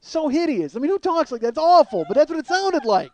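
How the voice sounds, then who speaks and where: A man's voice: extremely high pitch, very animated, fast talker, darkish tone. Rambling, profane comic storyteller man. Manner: rambling, profane, self-mocking. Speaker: comedian.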